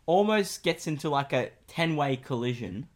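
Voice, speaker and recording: A young man, co-hosting a podcast and telling a story in an animated, rambling way with many fillers. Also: a little high, moderate pace. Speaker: podcast co-host. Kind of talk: casual storytelling chat.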